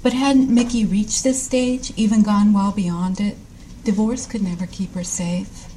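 Wry woman author with a mellow voice. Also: mid-range voice, fairly even intonation, measured pace, slight background noise, low-quality recording. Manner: wry, self-deprecating. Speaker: author reading. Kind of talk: live story reading.

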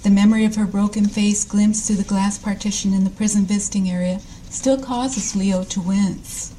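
Woman author at a live reading, mellow dark tone, wry and dry-humored. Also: mid-range voice, steady tone, moderate pace, slight background noise, rough recording. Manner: wry, self-deprecating.

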